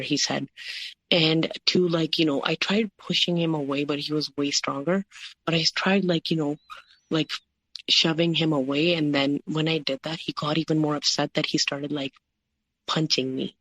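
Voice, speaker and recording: Halting woman telling a painful story. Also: deep voice, fairly even intonation, a bit bright, dry recording. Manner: halting, heavy use of "like" and "you know". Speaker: guest. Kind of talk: personal story in an interview.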